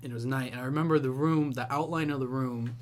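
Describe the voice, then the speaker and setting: A man's voice: mid-range voice, fairly even intonation, fast talker, slight background noise. Rambling young man on a podcast. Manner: rambling, filler-heavy storytelling with frequent "like". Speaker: podcast co-host. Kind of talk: casual chat.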